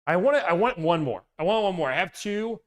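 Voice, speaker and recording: A man's voice: sits high, lively intonation, fairly quick. A man hosting a livestream, reading through a list and playfully tossing in movie-quote impressions. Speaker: livestream host. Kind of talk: casual livestream chat. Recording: loud, peaking mic.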